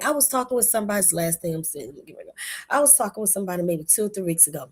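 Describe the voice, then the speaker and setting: A woman from Florida hosting a short devotional talk, animated and casual, repeating short phrases for emphasis. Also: fairly low pitch, very fast, slightly rough. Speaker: host of a short devotional show.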